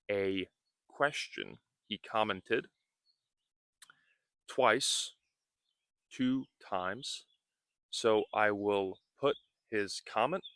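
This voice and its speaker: A man teaching English, speaking slowly and deliberately, repeating words and explaining their meanings. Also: lowish voice, fairly bright tone, dry recording, studio quality. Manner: repeats words and defines them, very slow and careful. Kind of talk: slow, deliberate English lesson.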